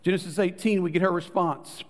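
A man preaching a sermon, telling a story with lively voices for the people in it and sinking to soft, low tones to make a point. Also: a little fast. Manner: animated storytelling, acting out quoted voices, dropping to soft low tones for emphasis. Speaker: pastor. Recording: long reverb of a large hall.

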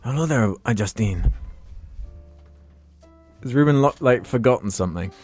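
A man's voice: medium pitch, animated, moderate pace, a little mellow, faint music behind. Joking young male podcast host. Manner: joking, swearing, often laughing. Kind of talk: casual banter podcast.

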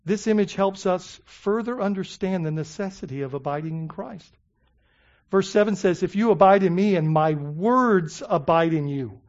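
Through a muffled, lo-fi recording, a pastor preaches with emphatic earnestness, tripping into repeated words and throwing questions back at the listeners. His mid-range, darkish voice moves at normal speed.

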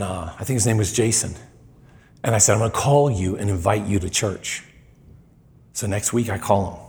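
A man's voice: lowish voice, gravelly, darkish tone. A middle-aged man preaching a storytelling sermon in a conversational way, acting out the voices in his story.

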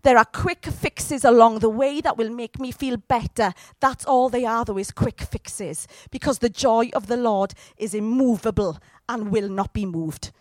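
A woman preaches a sermon, throwing direct questions at her congregation as she goes. Her voice sits fairly high, and the sound is dry and close. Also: measured pace, hardly any pauses, a little mellow, no echo.

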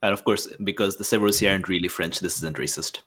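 A man's voice: low-pitched, fast talker, a bit bright, husky. A man playing a tabletop game, chatting casually and making wry, joking asides. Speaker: player. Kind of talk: casual tabletop role-play.

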